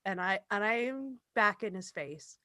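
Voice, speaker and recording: A young adult woman co-hosts a podcast, telling a story in casual conversation and acting out quotes with plenty of swearing. Her mid-range voice is pushed and bright, with lively intonation and a slightly slow pace. The studio-quality recording has no room sound.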